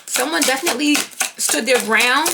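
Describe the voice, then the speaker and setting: A woman doing a tarot card reading, animated and thinking aloud as she pulls cards. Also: sits high, moderate pace, creaky, heavy background noise. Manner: animated, talking to herself while pulling cards. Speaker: tarot reader.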